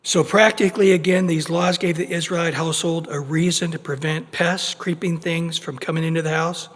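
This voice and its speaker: A man preaching an expository sermon as pastor, conversational and animated, acting out small everyday scenes and restarting his words as he goes. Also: a little high, a little fast. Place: church sanctuary. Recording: long reverb of a church hall.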